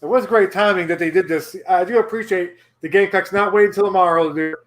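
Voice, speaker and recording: A man's voice: high-pitched, fast talker, fairly bright tone. A man co-hosting a casual sports podcast, rambling and restarting his sentences. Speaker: podcast co-host.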